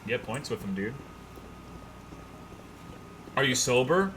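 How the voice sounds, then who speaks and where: A man's voice: mid-range voice, sing-song, slow, fairly bright tone, faint music behind. A young man streaming a game, chatting loosely and profanely, rambling and reading chat messages aloud. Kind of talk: casual gaming stream chat.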